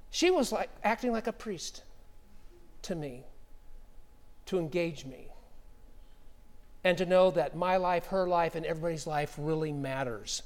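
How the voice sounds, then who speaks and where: High-voiced middle-aged male pastor. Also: normal speed, pauses often, in a large hall. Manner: conversational storytelling. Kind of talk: sermon.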